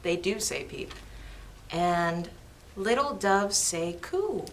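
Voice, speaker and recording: A woman reading a picture book aloud to children at storytime, lively and expressive. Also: fairly low pitch, slow pace, slight background noise. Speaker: storytime reader.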